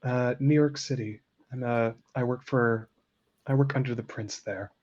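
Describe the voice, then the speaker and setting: A man voicing an elegant, friendly woman vampire with a French accent and a soft, polished manner. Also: mid-range voice, steady tone, a little slow, highs cut off, lightly acted. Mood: charming.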